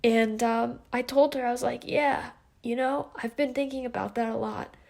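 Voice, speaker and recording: A woman's voice: on the high side, fairly even intonation, moderate pace, creaky, a little mellow. A woman in her twenties talking to camera in a casual, reflective vlog, earnest and rambling, with lots of fillers and restarts. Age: 20s. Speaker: vlogger.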